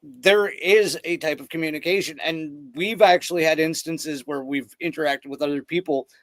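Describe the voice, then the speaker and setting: A man's voice: on the high side, moderate pace, no room sound. A man hosting a casual podcast, telling loose rambling stories and swearing freely. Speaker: podcast host.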